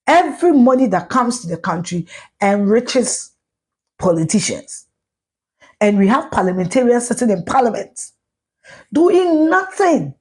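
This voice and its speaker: A middle-aged Ghanaian woman rants on a live stream, blunt and profane, sliding between Twi and English mid-sentence. Her voice has a husky edge, and her pitch sits in an ordinary middle range for a woman. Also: a little mellow. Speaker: social media commentator.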